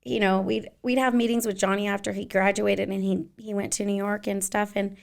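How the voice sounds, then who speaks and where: A woman's voice: mid-range voice, flat delivery, brisk, vocal fry. Chatty woman dance teacher in her forties. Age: 40s. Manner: chatty, rambling, many fillers. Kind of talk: casual interview chat.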